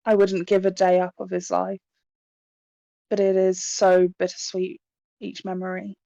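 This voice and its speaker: A woman voicing a grieving middle-aged mother in a tabletop game, speaking sorrowfully, formally and haltingly. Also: lowish voice, completely flat delivery, gravelly, mellow, no room sound, highs cut off.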